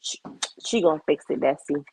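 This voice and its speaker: A young woman chatting casually on a livestream, blunt and animated, cursing freely. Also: low voice, fairly quick, background noise.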